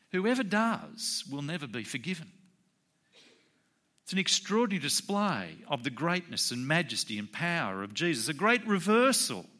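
A man preaching a sermon in a conversational way, acting out the quoted voices with sudden jumps in pitch. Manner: animated, acts out quoted voices with rising pitch; conversational, with fillers. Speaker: pastor.

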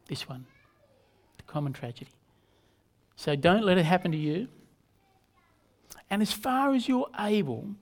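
Earnest man preaching a measured sermon. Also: on the high side. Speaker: pastor.

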